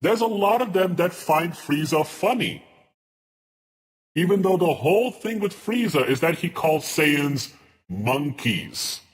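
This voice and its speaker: A man streaming live reaction commentary, arguing his points deliberately and restarting mid-word. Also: a little high, lively intonation.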